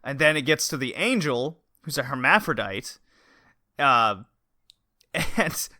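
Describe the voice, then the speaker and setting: A man's voice: mid-range voice, big pitch swings, unhurried, long pauses, sharp tone, dry recording, clean studio sound. A man co-hosting a podcast, chatting casually and animatedly, laughing and acting out quotes. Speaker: podcast co-host.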